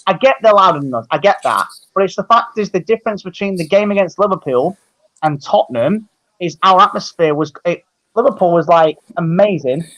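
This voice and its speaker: A man's voice: high-pitched, lively intonation, fairly quick, fairly bright tone, lo-fi sound. A man chatting casually on a football fan show, rambling and restarting his sentences. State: tired.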